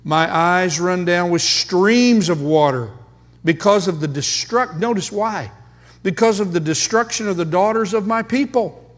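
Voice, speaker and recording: Slow, high-voiced preacher in a reverberant hall. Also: male voice. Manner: emphatic preaching with dramatic pauses and rhetorical questions. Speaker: pastor. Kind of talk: sermon.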